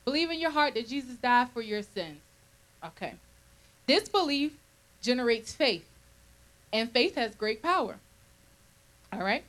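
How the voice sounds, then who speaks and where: Lively woman minister, slightly high voice. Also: measured pace, long pauses, rough recording. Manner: animated, checks in with listeners often. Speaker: minister leading a Bible study. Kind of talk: conversational preaching.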